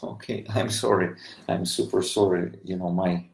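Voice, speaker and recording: A man with a Russian accent talks to his viewers in a live broadcast from a studio. His low voice has a gravelly edge, and the echo of the room hangs around it. He speaks earnestly and keeps his voice down. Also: fairly even intonation, normal speed, a little hiss or hum. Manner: earnest, impassioned non-native English with frequent "you know"; speaking quietly so a child can sleep. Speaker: studio representative addressing viewers. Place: home studio.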